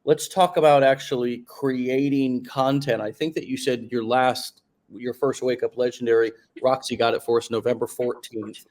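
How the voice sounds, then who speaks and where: A man hosts a relaxed interview, coaching his guest as he talks. He lingers on key words to press a point home, in a voice of middling pitch. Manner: coaching, drawn-out emphatic phrases. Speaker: podcast host. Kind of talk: casual interview chat.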